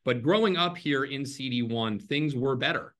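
Bright-voiced man giving a campaign pitch. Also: normal speed. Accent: American. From Ireland. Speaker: congressional candidate. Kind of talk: candidate forum opening statement.

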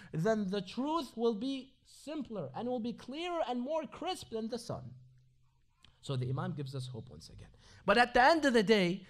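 Speaking in a notably high-pitched voice, a man delivers a Ramadan lecture at an Islamic centre, alternating recited Arabic sayings with English explanation. He fills the talk with rhetorical questions aimed at his audience.

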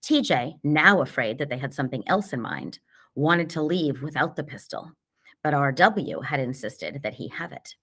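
A woman narrates a novel in the first person, in a low, measured voice. Her telling is quiet and steady, sometimes dropping nearly to a whisper. It is audiobook reading.

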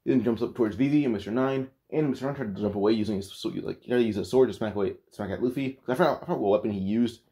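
A man with a lowish, mellow voice casually retells an anime fan story. He rambles along, padding his sentences with "like" and restarting himself often. His delivery is relaxed and unscripted. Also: racing, hardly any pauses.

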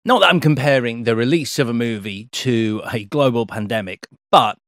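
A man's voice: medium pitch, normal speed, fairly bright tone, no echo, studio quality. A man hosting an interview, joking around with his guest and laughing a lot as he asks questions. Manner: jokey, chatty, laughs a lot. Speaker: interview host. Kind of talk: casual interview chat.

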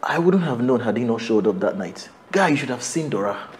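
A man's voice: mid-range voice, animated, fairly quick, natural voice. Worried husband, Nigerian accent, casual confiding talk, played by a man, faint background noise. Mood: uneasy. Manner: uneasy, confiding, colloquial.

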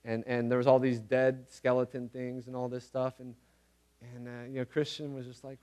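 A man's voice: medium pitch, level tone, normal speed, darkish tone, clean tone. A man preaching a casual, conversational sermon, earnest and repeating phrases for emphasis, with everyday slang. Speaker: pastor.

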